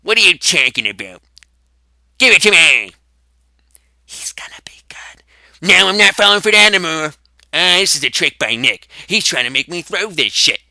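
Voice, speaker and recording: A man's voice: sits high, sing-song, fairly quick, gravelly, pushed and bright, no room sound, studio quality, voice pushed up, exaggerated voice. A man putting on a mocking impression of a whiny, indignant young man who frets over fantasy football picks.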